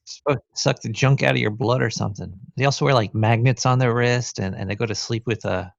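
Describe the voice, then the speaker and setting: A man's voice: mid-range voice, fast talker, vocal fry, dull audio. A man co-hosting a podcast in casual chat, dropping wisecracks. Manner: wisecracking, dry jokes. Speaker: podcast co-host.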